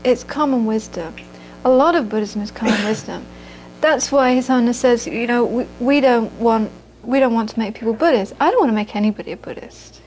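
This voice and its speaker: High-voiced woman giving a dharma talk. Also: brisk, few pauses, a little hiss or hum, rough recording. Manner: warm storytelling, laughs often, repeats phrases for emphasis. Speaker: Buddhist teacher. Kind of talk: dharma talk to a live audience.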